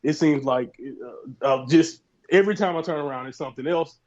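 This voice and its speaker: A man chatting casually as a podcast co-host, easygoing as he plugs his own show. His voice sits a bit high for a man. The audio sounds dull and lo-fi. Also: brisk. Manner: relaxed, chatty, self-promoting.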